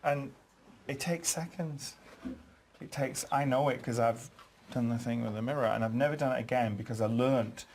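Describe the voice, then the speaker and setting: A man with a mid-range voice acts as the medium on a live ghost hunt. He explains in an earnest, halting way, often restarting his sentences. Faint background noise. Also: medium pitch, a little mellow. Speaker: psychic medium. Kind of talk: live paranormal investigation.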